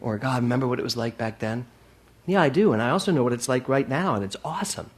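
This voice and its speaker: A man preaching a sermon to a congregation. He repeats his key phrases and swings between loud emphatic lines and soft asides. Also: medium pitch, expressive, quick pace, slightly rough. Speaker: minister.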